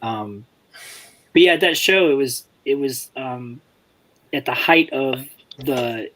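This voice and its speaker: A man's voice: mid-range voice, takes it slowly, a bit bright, poor audio. A man on a podcast, telling rambling, profane stories in casual chat and laughing as he goes. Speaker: podcast co-host. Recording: faint background noise.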